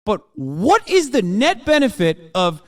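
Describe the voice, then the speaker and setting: A man's voice: high voice, wildly swooping pitch, measured pace, dry recording, studio quality. Heated, profane male streamer. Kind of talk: livestream reaction rant.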